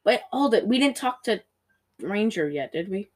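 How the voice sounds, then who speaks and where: A woman co-hosting a podcast, chatting casually as she recaps a movie and acts out its lines with big jumps in pitch. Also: lively intonation, normal speed, a little mellow. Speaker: podcast co-host.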